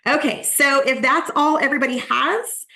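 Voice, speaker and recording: A woman's voice: high voice, moderate pace, pushed and bright. A woman real estate coach giving a live online coaching session, practical and repeating her key points for emphasis, over a video call.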